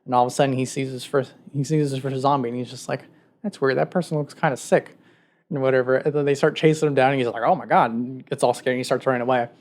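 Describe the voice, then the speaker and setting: A man's voice: mid-range voice, flat delivery, racing, hardly any pauses, darkish tone. A man co-hosting a podcast, retelling a story in a casual, rambling way with many filler words. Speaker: podcast co-host. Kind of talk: casual chat.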